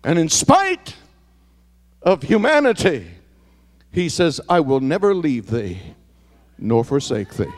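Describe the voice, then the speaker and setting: High-voiced preaching pastor, hushed to shouting. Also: male voice, very animated, takes it slowly, pauses often, big-room sound. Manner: swings from hushed to shouted, repetitive preaching cadence. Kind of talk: sermon.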